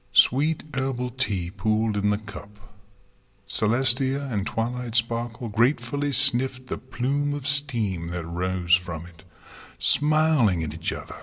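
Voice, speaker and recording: Husky low-voiced male storyteller. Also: fairly bright tone. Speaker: audiobook reader. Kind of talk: storybook narration.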